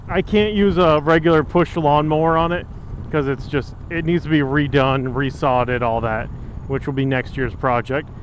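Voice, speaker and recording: Rambling man in his thirties vlogging on a windy ride. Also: a little high. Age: 30s. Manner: rambling, chatty, full of fillers and restarts. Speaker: motovlogger. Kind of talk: casual storytelling vlog. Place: outdoors on a windy road, riding a motorcycle. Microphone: helmet-mounted action camera mic. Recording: outdoor vlog with wind and road noise. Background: wind and engine noise.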